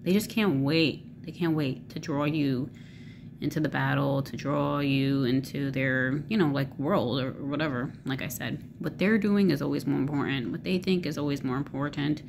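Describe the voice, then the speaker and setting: A woman with a low, gravelly voice speaks casually to her camera. She rambles, fills gaps with ums and likes, and swears freely. A faint hiss sits behind her. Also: steady tone, normal speed. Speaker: vlogger.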